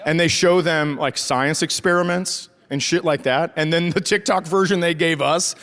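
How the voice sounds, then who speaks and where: A man's voice: a little high, moderate pace. A middle-aged man doing a stand-up comedy set, telling sarcastic stories about his family and acting them out. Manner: sarcastic storytelling, acts out family members. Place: theater stage. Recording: live venue with loud audience laughter.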